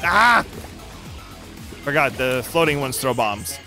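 A young man hosting a let's play, goofy and excitable, joking and yelping at the game. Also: medium pitch, normal speed. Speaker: gaming channel host. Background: game music.

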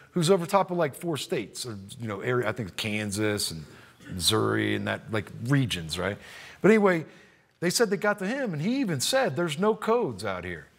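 A man who works as a contractor and trainer tells a story straight to the camera in a casual way. His voice sits a little high and swings widely. He slips into the voices of the people he quotes. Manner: animated, acts out quoted voices.

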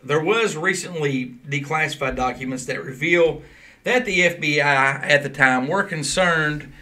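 A man's voice: fairly high pitch, a little slow, pushed and bright. A man hosting a casual podcast, explaining at length in a loose, chatty way. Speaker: podcast host. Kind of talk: casual chat.

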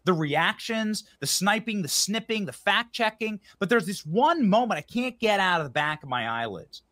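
A man giving heated political commentary, indignant and quick to hurl insults, often restarting his sentences. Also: high-pitched, sing-song, a bit bright. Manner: indignant, name-calling, many restarts.

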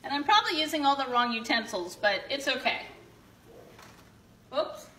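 A woman's voice: high voice, sing-song, normal speed, pushed and bright, recorded from a distance. A woman hosting a live stream, frying tortilla chips in her home kitchen and chatting to viewers, bubbly and full of whoops. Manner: bubbly, exclaims often with whoops. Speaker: host of a live giveaway show. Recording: roomy echo, voice a bit off-mic, faint room noise.

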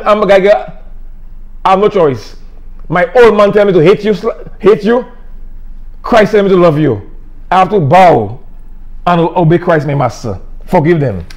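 Man, Saint Lucian accent, high voice, emphatic preaching, middle-aged. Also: darkish tone. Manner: emphatic, repetitive, plain-spoken. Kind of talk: sermon.

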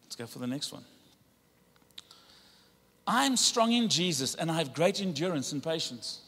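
A man preaches to his congregation, his voice high and bright. He rouses them into call-and-response declarations. The sound carries a long reverb from the church hall. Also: sing-song, normal speed, slight background noise. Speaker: pastor. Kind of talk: sermon. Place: church sanctuary.

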